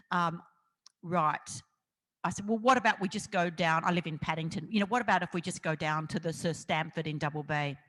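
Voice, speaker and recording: Middle-aged woman, Australian accent, animated anecdotes, laughs often, long hall reverb. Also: lowish voice. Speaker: investigative journalist, guest. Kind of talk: storytelling interview on stage. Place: festival event hall.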